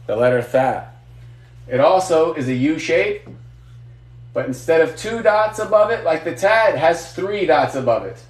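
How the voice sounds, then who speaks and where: An Arabic teacher leads a live online lesson with patience and encouragement, posing questions and praising every answer. His voice is a little high for a man, expressive and moderately paced, and the room echoes noticeably.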